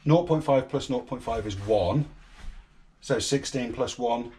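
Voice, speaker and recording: A man's voice: medium pitch, a little slow, a little mellow, a little hiss or hum. Man explaining repairs step by step. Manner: patient, step-by-step instructive. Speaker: vlog host teaching his son a repair. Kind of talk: hands-on DIY explanation. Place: outdoors at a boatyard in light rain.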